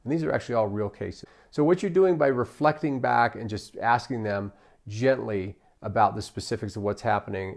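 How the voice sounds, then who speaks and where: A man with a lowish, darkish voice is coaching a customer service training lecture. He frequently says "right?" and voices the words of customers and staff.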